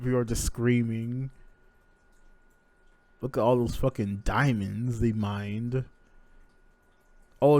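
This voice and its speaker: A man hosting a live manga reaction, reading the chapter aloud with excitable commentary and frequent swearing. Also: medium pitch, no echo. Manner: excitable, swears freely, laughs at himself.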